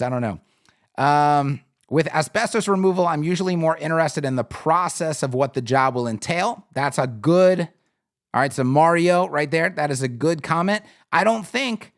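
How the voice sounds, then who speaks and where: A man's voice: high voice, fairly bright tone. A man hosting a live-streamed website critique, talking in an emphatic, conversational way and often asking "right?". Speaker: web design critique host.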